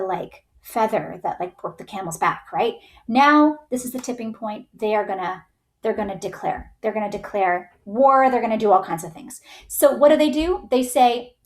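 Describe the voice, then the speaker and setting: A woman's voice: fairly high pitch, lively intonation, normal speed. A woman giving a casual history lesson as a teacher, chatty, with many "right?" tags and little put-on voices for the groups she describes.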